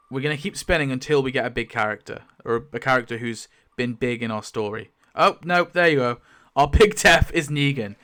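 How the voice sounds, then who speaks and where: Male YouTuber, rambling casual commentary, clear smooth voice, mid pitch. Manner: rambling, lively, many fillers and laughs. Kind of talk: casual commentary while spinning a wheel.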